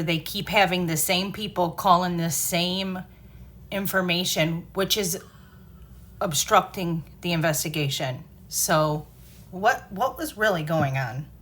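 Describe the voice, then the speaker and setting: A woman commenting on video clips in a measured, analytical way. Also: on the low side, fairly bright tone.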